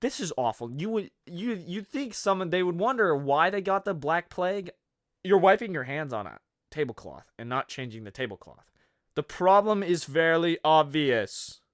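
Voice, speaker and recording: A man with a fairly high voice narrates a comedy video with sarcasm and rambling jokes. His pitch swings widely from line to line, and the sound is dry and close, with no room echo. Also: very animated, moderate pace. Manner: sarcastic, jokey, rambling asides. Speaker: video host.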